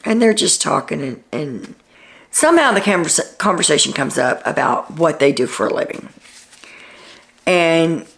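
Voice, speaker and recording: A woman's voice: deep voice, lively intonation, moderate pace, creaky. A woman hosting a casual reality TV recap, retelling what people said in a chatty way with ums.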